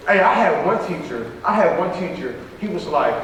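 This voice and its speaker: At a school assembly, a young motivational speaker gives a speech in a high, lively voice, a little fast with few pauses. He repeats phrases for rhythm and acts out dialogue. The sound is an echoey hall, captured from far off.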